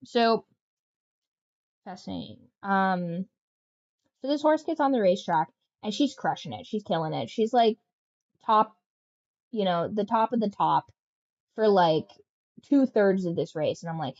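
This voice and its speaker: Woman game streamer, casual rambling chat, joking, lowish voice, slightly muffled lo-fi audio. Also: expressive, moderate pace, darkish tone. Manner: rambling, joking storyteller, many fillers.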